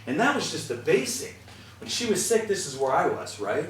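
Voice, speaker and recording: A man's voice: a little high, sing-song, normal speed, fairly bright tone, distant mic, a little hiss or hum. A middle-aged man giving an earnest, conversational motivational talk to an audience, laughing often. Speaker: motivational speaker. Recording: echoey room, speaker away from the mic.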